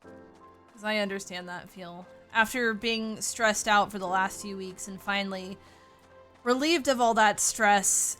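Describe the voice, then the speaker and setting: A woman's voice: mid-range voice, measured pace, a bit bright, faint music behind. A woman chatting casually with viewers on a game livestream, sounding tired and greeting each person by name. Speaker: streamer.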